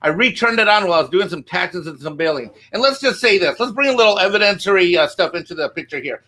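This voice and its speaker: A man with a very high, sharp voice launches into an angry, profane rant on a live panel show. He is a bit tipsy and keeps circling back to the same phrases as he fumes. His tone stays forceful and cutting throughout. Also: expressive, fast talker. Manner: angry, swearing, repeats "you know what". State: a little tipsy from drinking.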